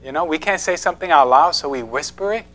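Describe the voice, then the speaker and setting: A man delivers a relaxed, conversational sermon in a church, tossing questions to the congregation and breaking into laughs. His voice sits a bit high for a man and swings widely in pitch. Soft music plays faintly behind him. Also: quick pace. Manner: playful, asks the congregation questions, laughs often. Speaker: preacher. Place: church sanctuary.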